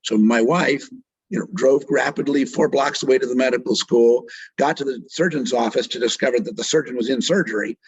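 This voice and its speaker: A middle-aged man with a husky, slightly rough voice tells a story in an interview. He is earnest and moved, and acts out the voices of the people he quotes. The recording is dry and close, with no room sound. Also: medium pitch, brisk, no echo, highs cut off. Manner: vivid retelling that acts out quoted speech. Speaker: doctor and author being interviewed.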